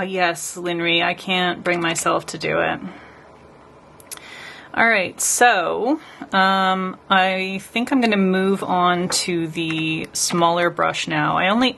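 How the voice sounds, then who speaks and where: A woman's voice: lowish voice, vocal fry, sharp tone, a little hiss or hum. A woman nail artist chatting casually with her live stream viewers as she paints, rambling and talking to the chat.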